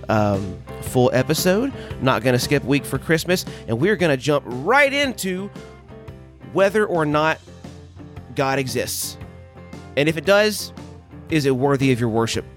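A man hosting his own podcast, talking casually and playfully, with some swearing and laughing at his own jokes. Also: mid-range voice. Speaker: podcast host. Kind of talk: casual solo podcast monologue.

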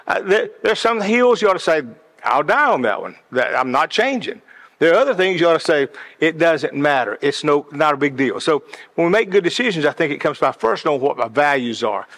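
This man sounds a little high and fairly bright, speaking in a brisk, animated way. His sermon-like talk about decisions is earnest and passionate, with frequent repetition as each point builds, and the recording carries a long hall reverb.

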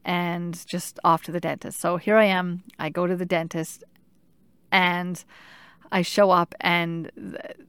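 A middle-aged woman telling a personal story in casual talk, animated and halting, with many restarts and filler "like"s. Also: lowish voice, clean tone, no room sound, clean studio sound.

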